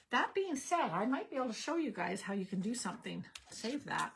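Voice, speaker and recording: A woman's voice: on the high side, gravelly, a bit bright, a little hiss or hum. A woman hosting a card-making livestream, thinking aloud in a loose, meandering way. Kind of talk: casual crafting livestream chat.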